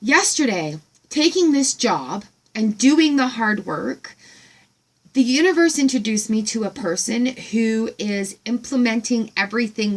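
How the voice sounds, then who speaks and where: A woman talks straight to camera from home in a casual gratitude vlog. Her voice sits a little high, and she rambles in an excited way, full of ums and restarts. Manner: excited, rambling, filler-heavy. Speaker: vlogger.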